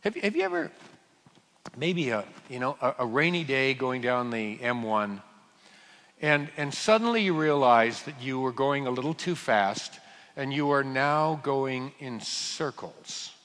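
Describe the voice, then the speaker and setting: Lively, joking preacher in a hall. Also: male voice, medium pitch, a little slow. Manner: humorous, storytelling, frequent restarts, sudden loud bursts. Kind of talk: sermon. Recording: long hall reverb.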